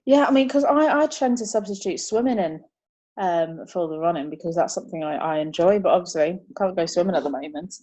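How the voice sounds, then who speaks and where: A young woman, chatting as an interview guest, upbeat and quick to laugh. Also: fairly low pitch, dark tone, lo-fi sound. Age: 20s. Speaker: martial arts competitor, interview guest. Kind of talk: casual interview chat.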